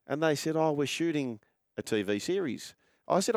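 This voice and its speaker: A man's voice: on the high side, expressive, normal speed, no echo, studio quality. A man hosting a sports radio show, telling a story with enthusiasm and footy comparisons. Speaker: radio host. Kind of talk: casual radio chat.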